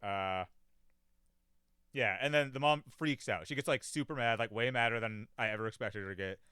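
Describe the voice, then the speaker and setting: A man's voice: mid-range voice, moderate pace, bright, forceful tone, clean tone, no room sound, studio quality. A young man rambling casually about a cartoon episode, filling his talk with "like", swearing and mimicking the characters. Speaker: podcast host reviewing a cartoon. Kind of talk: casual chat.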